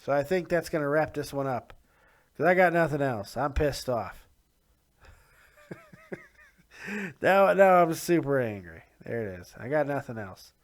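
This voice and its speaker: A man hosting a casual solo commentary show, rambling, swearing and frustrated, saying he is exhausted. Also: fairly high pitch. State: tired. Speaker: podcast host.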